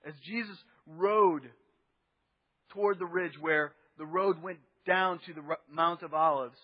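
High, husky-voiced man preaching a sermon. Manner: animated storytelling, swinging between loud bursts and near-murmurs. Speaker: pastor. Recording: dull lo-fi sound with long hall reverb.

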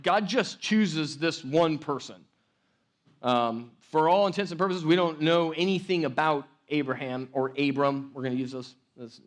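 A man preaching a sermon as pastor, talking casually with many restarts and tag questions like "right?", and building energy as he teaches. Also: fairly high pitch. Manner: conversational, rambling with restarts and "like, right?".

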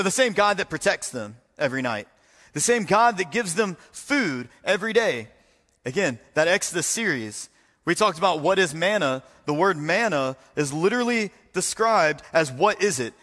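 Bright-voiced preaching man, reverberant hall. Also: on the high side. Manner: earnest preaching, acts out quoted complaints. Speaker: pastor. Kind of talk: sermon.

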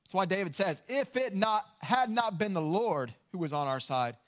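A man preaching a sermon, earnest and emphatic, slowing down to stress key lines. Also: sits high, expressive. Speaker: pastor.

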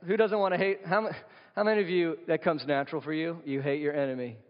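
A man's voice: a little high, fairly even intonation, fast. Conversational male pastor preaching in a hall. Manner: conversational preaching, poses questions to the congregation. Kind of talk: sermon. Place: church sanctuary. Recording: long hall reverb, dull lo-fi sound.

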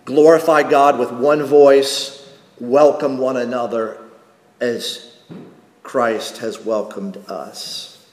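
A man's voice: medium pitch, fairly even intonation, takes it slowly, a little mellow. A man preaching a sermon as pastor, emphatic and repeating key phrases for weight. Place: church sanctuary. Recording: echoey hall, long reverb.

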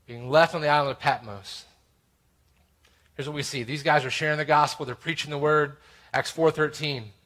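A man preaching a sermon, swinging between loud exclamations and quiet, intimate asides. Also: on the high side. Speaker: pastor.

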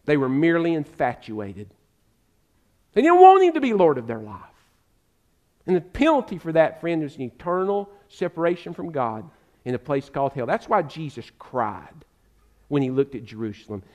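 A male pastor delivers an impassioned sermon in a high, bright-toned voice. He shifts between loud, ringing exhortation and quiet pleading, and he talks straight to his listeners, calling each one "friend". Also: sing-song, normal speed, dull audio. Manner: addresses listeners directly as "friend".

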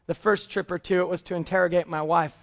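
A man preaching a sermon as a pastor, telling family stories in an animated way and slowing down to stress key points. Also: high voice, vocal fry, muffled recording. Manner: storytelling, animated, slows for emphasis.

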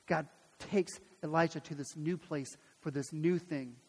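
Man preaching with a high voice. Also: measured pace, husky, in a large hall. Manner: animated storytelling, acts out voices. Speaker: pastor. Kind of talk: sermon.

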